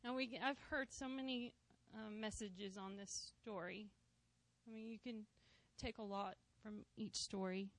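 A woman's voice: mid-range voice, steady tone, measured pace, no room sound. A woman, a worship leader and mother, giving an earnest personal testimony to a church, with frequent "you know" asides. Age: adult, a mother of school-age kids.

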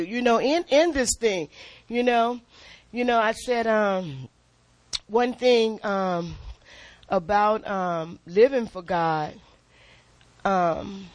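Middle-aged woman, church preacher, spirited testimony, animated, laughs a lot, repeats words, dry close mic. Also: mid-range voice, slow, pauses often, dry recording.

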